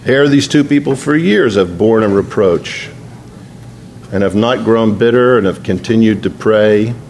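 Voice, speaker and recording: Speaking at a measured pace in a slightly mellow voice on the low side, a man delivers an earnest, conversational sermon and drifts into spoken prayer along the way. There is slight background noise.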